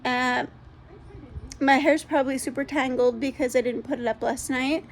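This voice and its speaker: A congested-sounding dog rescue owner talks casually into her phone camera at home, giving an update full of ums, restarts and rambling. She has a high-sitting, steady voice at normal speed, with slight background noise.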